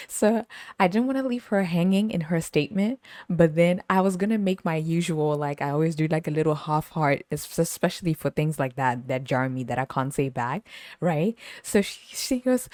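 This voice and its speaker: A woman hosting a podcast, telling stories in an animated, casual way and laughing often. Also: on the low side, moderate pace, no echo, clean studio sound. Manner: animated storytelling, laughs often, sings snippets. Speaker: podcast host. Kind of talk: casual chat.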